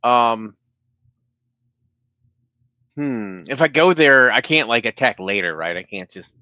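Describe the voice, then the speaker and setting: A man's voice: medium pitch, slow pace, sharp tone, dry recording. A man playtesting a board game who hesitates and thinks his moves through aloud, with many ums. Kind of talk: casual chat during a board game playtest.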